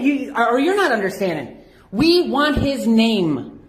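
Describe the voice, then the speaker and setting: A woman's voice: on the high side, sing-song, unhurried, reverberant. A woman insistently and indignantly demanding an officer's name. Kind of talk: heated argument at a police counter.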